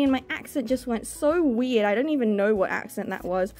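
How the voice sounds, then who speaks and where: A young woman chatting casually as she opens card packs on camera, excitable and gushing, squealing over good pulls. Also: fairly high pitch, brisk, few pauses, soft background music. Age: young adult. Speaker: card-opening vlogger. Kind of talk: casual chat while opening card packs.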